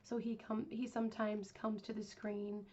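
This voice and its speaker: A woman's voice: mid-range voice, little pitch movement, moderate pace, darkish tone, lo-fi sound. A woman hosting a true crime podcast, telling the story in a casual, rambling way with lots of fillers. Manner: rambling, chatty, with many fillers.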